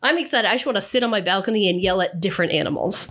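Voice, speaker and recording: A woman's voice: mid-range voice, lively intonation, racing, fairly bright tone. A pregnant woman, co-hosting a podcast in a chatty, self-mocking way. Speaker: podcast co-host. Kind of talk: casual chat.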